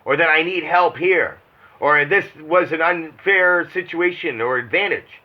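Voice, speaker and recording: A man's voice: fairly high pitch, measured pace. A man in casual phone chat, rambling and swearing as he talks through his thoughts. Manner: rambling, swearing, self-reflective. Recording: muffled lo-fi phone call.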